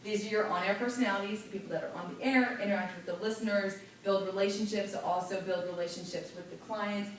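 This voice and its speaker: A woman radio host teaching a class, lively and demonstrative, stressing clear enunciation. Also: mid-range voice, quick pace, few pauses, a little hiss or hum. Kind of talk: classroom lesson. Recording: echoey room picked up from far.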